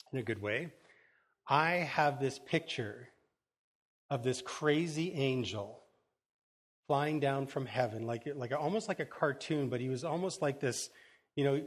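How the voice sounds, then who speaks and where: A man preaching a sermon in an enthusiastic, rambling way, often repeating words as he searches for them. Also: medium pitch. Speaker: pastor.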